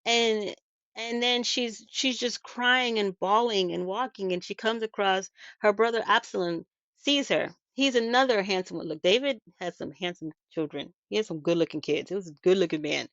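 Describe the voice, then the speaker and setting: A woman's voice: medium pitch, normal speed, fairly bright tone, no room sound, lo-fi sound. A woman host retelling a story in a casual, chatty way, emphatic and full of rhetorical asides. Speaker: video host.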